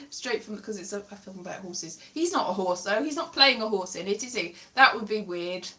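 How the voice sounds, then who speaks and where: A woman's voice: medium pitch, expressive, moderate pace, sharp tone. A woman from Wales chatting casually on her livestream, rambling and correcting herself as she goes. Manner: chatty, digressive, self-correcting with frequent laughs. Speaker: livestream host. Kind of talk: rambling casual chat to viewers.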